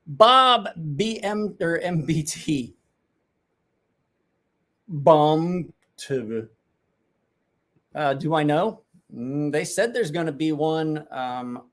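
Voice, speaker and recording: A man's voice: on the high side, animated, slow pace, pauses often, a bit bright. A man casually chatting with viewers on a livestream, joking, rambling and swearing freely. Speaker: livestream host.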